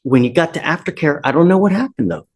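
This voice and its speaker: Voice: medium pitch, lively intonation. Stern judge rattling off charges. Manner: stern, lists charges in rapid runs. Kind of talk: courtroom address from the bench. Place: courtroom.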